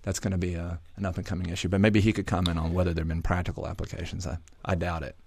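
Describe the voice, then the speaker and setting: A man's voice: low voice, level tone, racing, vocal fry, a little mellow, slightly rough, no room sound. A man from Atlanta, a neuroscientist guest on a radio talk show, explaining in a thoughtful way with many ums and restarts. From Atlanta, US South. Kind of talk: radio interview, conversational explaining.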